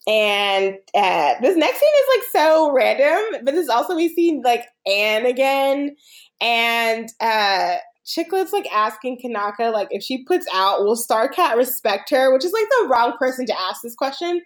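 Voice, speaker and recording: A woman's voice: on the high side, sing-song, a little slow. A woman co-hosting a podcast, casually recapping a film, rambling with a lot of "like" and frequent laughter. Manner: rambling, laughs often, heavy use of "like". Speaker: podcast co-host.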